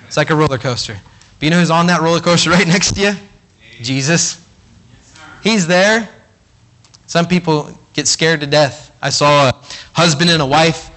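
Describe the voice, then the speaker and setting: A man's voice: fairly high pitch, sharp tone. A man preaching a sermon in a conversational way, acting out the voices of the people in his stories. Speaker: pastor.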